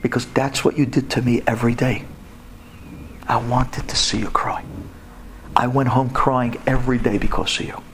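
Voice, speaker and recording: A man plays a deeply wounded grown man, bitter and unforgiving. He speaks in a lowered, slow, measured voice, firm and steady. The tone is resolute. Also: a little hiss or hum, lightly acted.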